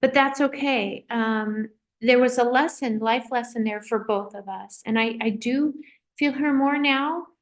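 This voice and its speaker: A woman's voice: fairly high pitch, a little slow. A middle-aged woman hosting a casual livestream as a psychic medium, rambling and affectionate as she reads out and answers viewer comments.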